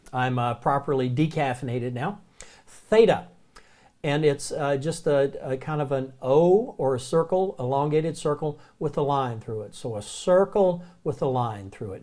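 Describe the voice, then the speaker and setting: A man with a Southern American accent teaching the Greek alphabet in a relaxed, chatty way, slowly repeating each word. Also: mid-range voice. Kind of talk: recorded classroom lecture.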